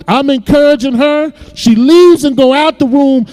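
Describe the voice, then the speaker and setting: A man's voice: extremely high pitch, normal speed, a little mellow, big-room sound. A man preaching, telling his own story with emotion and repeated words. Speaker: pastor. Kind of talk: sermon testimony. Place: church sanctuary.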